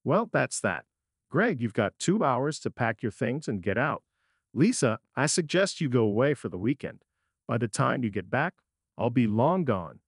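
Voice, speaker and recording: A man's voice: medium pitch, sing-song, normal speed, breathy edge, no echo, clean studio sound. A man voicing a cold, bitter husband who has found out his wife's betrayal, speaking in a cutting, unforgiving way.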